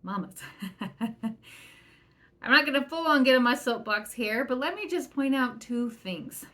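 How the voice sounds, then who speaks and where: A woman's voice: high voice, a little slow. A woman parenting coach talking through a solo podcast episode, earnest and chatty, acting out the lines of the people she quotes. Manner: earnest, chatty, quotes others in lively bursts. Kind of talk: casual solo podcast talk.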